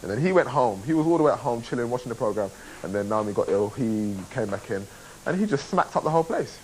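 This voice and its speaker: A man's voice: mid-range voice, lively intonation, fast, low-quality recording. A young man with a chatty, rambling manner gives a casual handheld video tour, recorded on a camcorder mic. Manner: chatty, rambling, playful asides. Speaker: contestant filming a video diary. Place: large house indoors and on a balcony. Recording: faint hiss.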